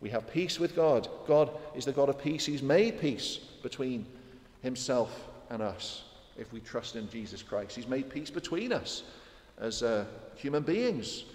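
A man's voice: medium pitch, expressive, unhurried, a little mellow. A man preaching a sermon in an earnest, repetitive way, putting direct questions to his listeners. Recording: echoey hall reverb.

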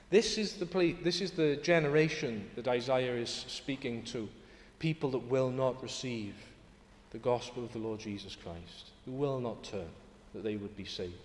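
Earnest preacher in an echoey church. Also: male voice, medium pitch. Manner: earnest, emphatic, rising to exclamations. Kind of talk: sermon. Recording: echoey hall with long reverb.

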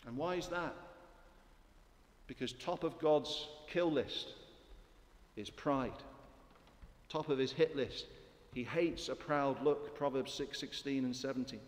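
A man's voice: medium pitch, slow pace, long pauses, long reverb tail. A man preaching a sermon in a church, emphatic and full of rhetorical questions to his congregation.

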